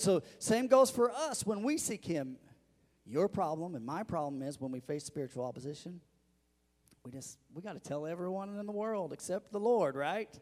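A man's voice: high-pitched, a little mellow, big-room sound. A male pastor preaching a sermon, asking the congregation questions and calling for their responses.

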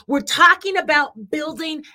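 A woman co-leading a live Bible teaching, talking conversationally with pauses and restarts. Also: high voice, animated, pushed and bright. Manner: conversational, asks questions, hesitant.

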